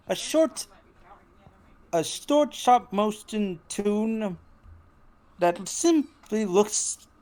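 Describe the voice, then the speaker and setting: A game master narrating a tabletop role-playing game, slow and halting with frequent restarts. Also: mid-range voice. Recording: faint background noise.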